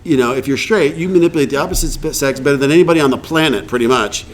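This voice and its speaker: A man's voice: on the high side, racing, a little hiss or hum. A man in his fifties speaking to a recovery meeting, telling his story in a candid, humorous, blunt way. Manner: acts out quoted dialogue. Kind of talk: casual storytelling talk to an audience.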